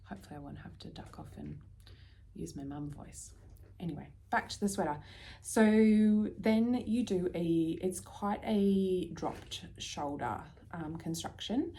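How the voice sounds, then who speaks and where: Low gravelly Australian woman, chatty. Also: unhurried, a little hiss or hum. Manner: chatty, trailing off into soft near-whispered asides. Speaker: knitting vlogger. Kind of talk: casual chat.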